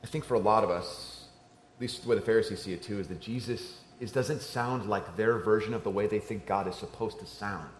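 A man preaching a sermon to a church crowd, talking like a conversation and moving between hushed and emphatic passages. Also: fairly low pitch, brisk. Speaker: pastor. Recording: roomy church echo.

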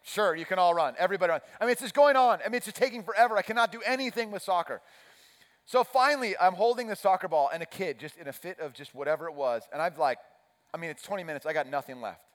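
A man's voice: high voice, quick pace, a bit bright. A man preaching a sermon, telling a self-mocking story and acting out his own chipper coach voice. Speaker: pastor. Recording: long reverb of a large hall.

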